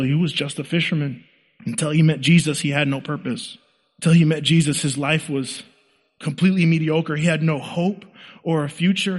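A man preaching a sermon as pastor, telling a story with animated delivery and acting out the quoted lines. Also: on the high side, in a large hall.

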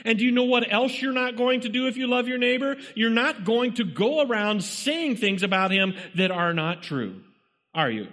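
High-voiced preacher in a reverberant hall. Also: male voice, moderate pace, fairly bright tone. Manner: emphatic, rhetorical questions to the congregation. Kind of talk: sermon.

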